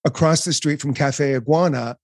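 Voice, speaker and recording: A man's voice: fairly high pitch, normal speed, darkish tone, dry recording, studio quality. A middle-aged man hosting a podcast, effusive and playful, gushing over his guest. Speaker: podcast host. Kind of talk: heartfelt interview.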